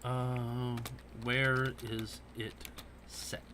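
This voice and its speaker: A man's voice: mid-range voice, drawn-out words, noisy background. A man hosting a casual podcast, telling stories and ranting with lots of swearing. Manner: profane, animated ranting storyteller. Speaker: podcast host.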